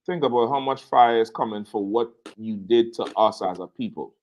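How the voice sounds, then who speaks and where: A man's voice: mid-range voice, moderate pace, a little mellow. A man hosting a casual talk show, telling a story with energy and acting out the quotes in it. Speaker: show host.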